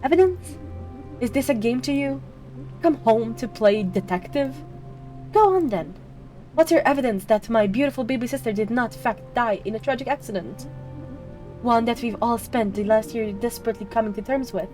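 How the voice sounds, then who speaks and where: A woman's voice: on the high side, moderate pace, mellow, soft background music, natural voice. A woman voicing a bitter, grieving sister in a video game, cutting and sarcastic. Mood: scornful.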